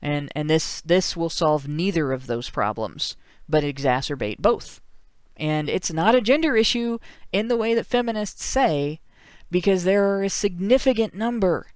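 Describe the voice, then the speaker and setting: A man with a Northern Ohio accent hosts a livestreamed talk show, reading viewer donations aloud. His smooth, clear voice is a little high for a man, expressive and at normal speed, with no room sound. Dry and sardonic, he breaks into chuckling asides.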